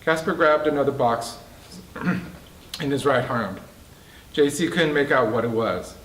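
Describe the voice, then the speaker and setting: A man, an author, reading his novel aloud in a bookstore with a steady storytelling delivery. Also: medium pitch, measured pace, long pauses. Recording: roomy, distant mic in a bookstore.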